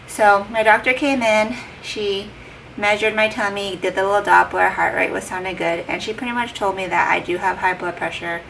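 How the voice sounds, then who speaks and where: A woman's voice: medium pitch, fairly even intonation, normal speed, gravelly, fairly bright tone. A heavily pregnant young woman chatting casually to her vlog camera at home, retelling a conversation with lots of "like" and quoted dialogue. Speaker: vlogger. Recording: distant mic with faint background noise.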